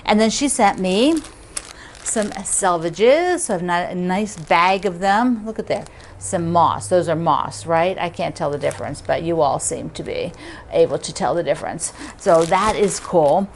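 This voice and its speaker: A woman's voice: fairly low pitch, animated, unhurried, slight background noise. A woman hosting a quilting video, chatting casually to her viewers, gushing and laughing often. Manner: chatty, giggly, lots of gushing.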